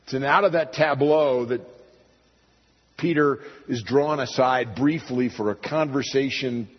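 A man preaching a sermon, pastor-style, emphatic and full of rhetorical questions, his pitch jumping up on key points. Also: a little slow, husky. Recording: dull recording in a reverberant hall.

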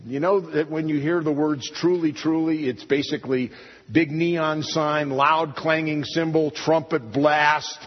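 A man preaching a sermon, pastor-style, emphatic and full of rhetorical questions, his pitch jumping up on key points. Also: fairly even intonation, measured pace, husky. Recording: dull recording in a reverberant hall.

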